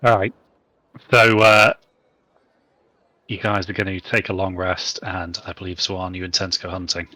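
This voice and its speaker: A man narrating a tabletop game as game master, in a relaxed, rambling way with many fillers. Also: deep voice, moderate pace, pauses often, no echo.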